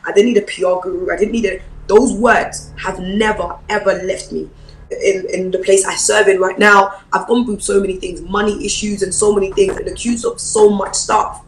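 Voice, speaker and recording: A woman pastor, preaching a personal testimony in an animated storytelling way. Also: medium pitch, roomy sound, a little hiss or hum, rough recording. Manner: animated storyteller, acts out quoted voices.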